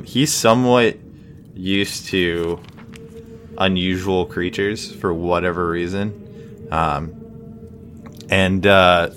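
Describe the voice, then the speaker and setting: A man narrating as game master of a tabletop game, halting, with many fillers. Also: sits low, a bit bright, a little hiss or hum.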